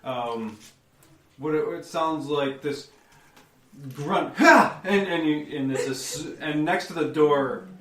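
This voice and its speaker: A man's voice: a little high, slow pace, reverberant, distant mic, slight background noise. A man narrating as game master, rambling and correcting himself as he describes the scene. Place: theater stage.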